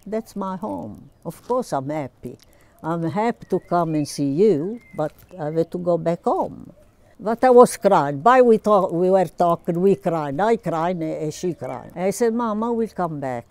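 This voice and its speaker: An older woman, recalling her past slowly in broken, tearful English. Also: fairly low pitch, darkish tone. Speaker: interviewee. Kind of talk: personal recollection.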